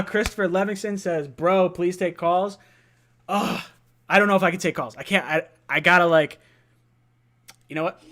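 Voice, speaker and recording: A young man hosting a live-stream call-in fan show, excited, laughing and often shouting. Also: sits high, normal speed.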